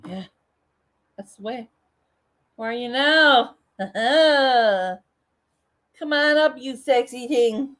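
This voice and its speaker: A woman's voice: fairly high pitch, animated, very slow, long pauses, a bit bright. A woman hosting a casual livestream, joking and swearing freely as she chats with viewers. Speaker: livestream host.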